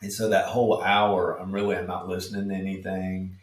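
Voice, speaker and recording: A man answering interview questions as a street preacher, telling his stories in a calm, measured way. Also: sits low, distant mic. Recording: echoey room, off mic.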